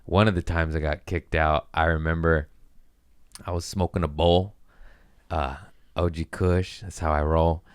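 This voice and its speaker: A man hosting a podcast, telling profane, self-mocking stories in a casual comedic way and jumping into animated voices for the people in them. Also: extremely low pitch, a little slow, clear, resonant tone, dry recording, studio quality. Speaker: podcast host.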